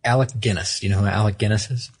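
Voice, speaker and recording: A man's voice: lowish voice, racing, breathy edge. A man co-hosting a podcast, casually telling a story from his notes, rambling and correcting himself as he goes. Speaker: podcast co-host.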